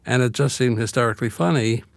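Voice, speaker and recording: A man's voice: medium pitch, fast, vocal fry, no room sound. An older man from Brooklyn, a guest author talking in a reflective, wry way in a radio interview. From Brooklyn, USA. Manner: reflective, wry, laughs easily.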